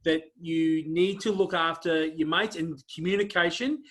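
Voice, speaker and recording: A man's voice: a little high, steady tone, normal speed. A man hosting an interview show, talking casually and heaping praise on his guest with lots of fillers. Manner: effusive, warm praise, many fillers.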